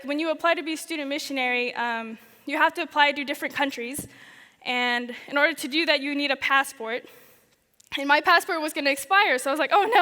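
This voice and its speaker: A young woman tells her own story at a chapel service, animated and laughing often as she acts out her past thoughts. Her voice sits high and sounds bright. The sound rings with the long reverb of a big hall. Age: young adult. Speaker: student chapel speaker. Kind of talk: personal testimony talk. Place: large chapel.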